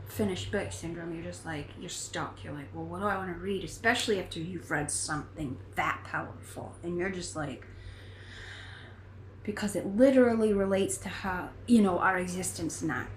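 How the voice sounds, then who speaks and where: A woman's voice: fairly low pitch, moderate pace. A woman hosting a knitting podcast, talking in an earnest, rambling, heartfelt way. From United States. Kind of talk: casual chat. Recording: echoey room with faint noise.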